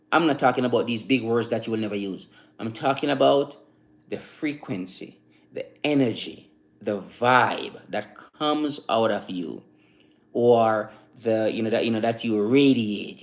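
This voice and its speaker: A man hosting a live stream, giving a casual motivational talk that rambles and repeats, full of "you know" fillers. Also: medium pitch. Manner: recites slow calm affirmations.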